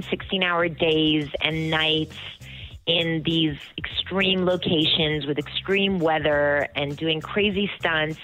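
Chatty low-voiced woman, faint music. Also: a bit bright, highs cut off. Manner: chatty and enthusiastic. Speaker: guest actress. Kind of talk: interview answers.

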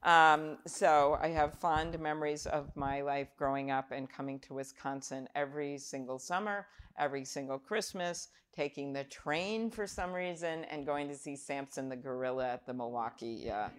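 A woman with a notably low voice gives a humorous talk on stage. She is chatty and self-deprecating, and uses plenty of ums and uhs. She is speaking into a stage microphone in a room full of people. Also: moderate pace, few pauses. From Minnesota. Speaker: senator speaking at a festival. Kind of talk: humorous storytelling speech to a live audience. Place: lecture room with an audience.

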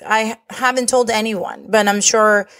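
A woman's voice: fairly high pitch, fairly even intonation, measured pace, a bit bright. Candid, profane woman telling a story. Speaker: podcast host. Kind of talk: personal storytelling monologue.

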